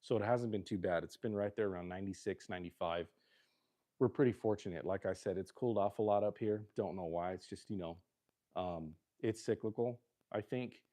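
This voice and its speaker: A man's voice: fairly low pitch, a little fast, mellow. A middle-aged man from Southern California chatting loosely and jokingly on a livestream from his home kitchen. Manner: loose, rambling and jokey. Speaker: livestream host. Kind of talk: casual livestream chat while cooking.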